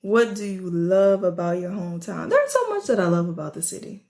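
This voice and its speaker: A woman's voice: fairly low pitch, fairly quick. New woman in echoey chat. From New Orleans. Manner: chatty, relaxed, filler-heavy. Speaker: podcast co-host. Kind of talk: casual chat. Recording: roomy echo.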